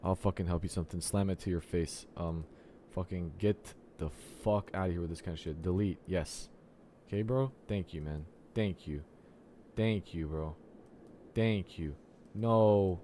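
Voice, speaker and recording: Deep-voiced young man swearing in frustration. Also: moderate pace, slight background noise. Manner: exasperated and profane, talks to the software. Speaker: programmer venting at his computer. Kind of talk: frustrated solo screen-recording rant.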